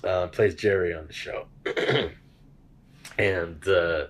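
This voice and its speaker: A man's voice: deep voice, slow pace, very noisy. A man hosting a podcast, telling a story in a casual, profane way and laughing as he goes. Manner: animated, profane, laughs while telling stories. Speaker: podcast host.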